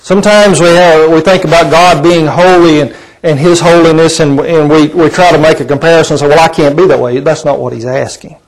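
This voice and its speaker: A man delivers a sermon in a slightly high-pitched voice. His preaching is conversational and folksy, with ums and restarts, and he keeps turning to his listeners with rhetorical questions. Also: steady tone, a little fast, rough recording. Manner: asks the congregation rhetorical questions.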